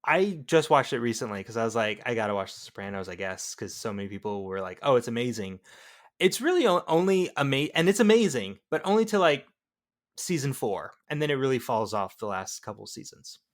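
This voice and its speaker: A man co-hosts a casual movie podcast, joking around and tossing out quick opinions. He speaks in an everyday, mid-pitched voice. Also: sing-song. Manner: jokey, offers hot takes. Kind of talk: casual film discussion.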